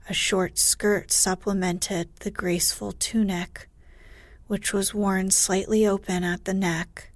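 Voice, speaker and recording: A woman narrating an old storybook in a soft voice that often drops into a whisper. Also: mid-range voice, no echo.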